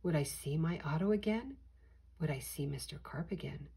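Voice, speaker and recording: An older woman reading a children's storybook aloud in an expressive, animated way. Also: sits low, moderate pace, breathy edge, poor audio.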